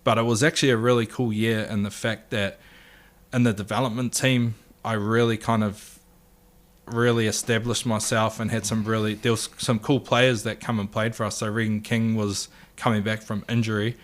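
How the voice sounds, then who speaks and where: Lower-voiced New Zealand man telling stories. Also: moderate pace. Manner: animated anecdote-telling, acts out quotes. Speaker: guest. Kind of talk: casual storytelling chat.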